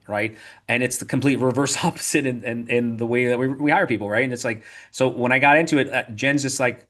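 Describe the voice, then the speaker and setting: A man, a podcast guest, telling animated stories in a casual interview, full of restarts and repeated "right?" tags. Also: mid-range voice. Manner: rapid, animated storytelling with frequent "right?" and filler restarts.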